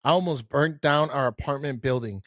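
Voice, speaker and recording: A man's voice: mid-range voice, moderate pace, no echo, clean studio sound. A man hosting a casual podcast chat, talking loosely and chiming in with frequent affirmations. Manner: chatty, frequent affirming fillers. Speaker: podcast host.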